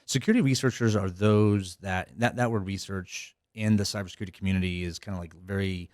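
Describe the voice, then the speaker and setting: The guest, a middle-aged man who runs a cybersecurity firm, speaks in a deep, darkish voice with a steady tone and a brisk pace. His casual interview talk meanders with frequent fillers and restarts, recorded cleanly in a studio without room sound.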